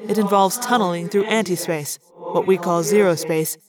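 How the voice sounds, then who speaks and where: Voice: mid-range voice, steady tone, normal speed, crowd noise, close to an everyday voice. A reader voicing a young, earnest male alien cadet who speaks timidly and eagerly.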